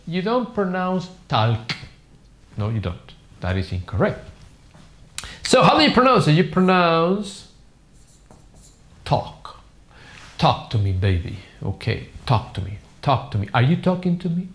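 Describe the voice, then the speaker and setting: A man running a live online English class, his pitch leaping up and down as he drills words and adds chatty asides. He sounds a little tired but keeps going. The room around him rings with echo. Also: a little mellow. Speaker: English teacher. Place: language academy in Madrid.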